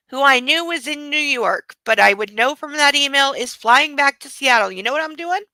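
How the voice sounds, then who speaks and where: A woman's voice: high-pitched, animated, moderate pace, hardly any pauses, sharp tone, dry recording, rough recording. A young woman hosting an online book club, chatting and mocking the text with sarcastic asides. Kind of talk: sarcastic reading commentary.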